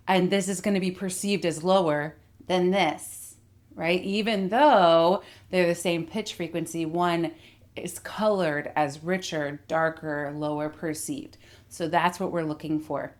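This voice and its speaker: A middle-aged woman voice coach giving a clear, articulate instructional lesson that demonstrates vocal techniques. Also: on the low side, fairly even intonation, measured pace.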